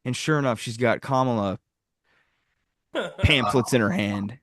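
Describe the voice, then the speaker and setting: Profane animated man telling a story. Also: mid-range voice, measured pace, no room sound, clean studio sound. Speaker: podcast co-host. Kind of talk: casual chat, storytelling.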